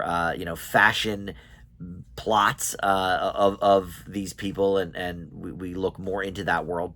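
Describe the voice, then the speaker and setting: A man with a fairly low voice talks through a TV series review as host of his own show. He speaks casually and hesitantly, with lots of ums, you-knows and restarts as he gathers his thoughts. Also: fairly bright tone.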